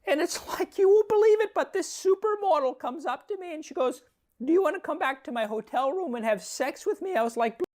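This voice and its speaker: A man playing an earnest, rambling male professor in a comedy sketch impression, with a reedy voice and lofty, halting phrasing. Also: very high-pitched, animated, a little mellow. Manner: pondering pauses, lofty phrasing.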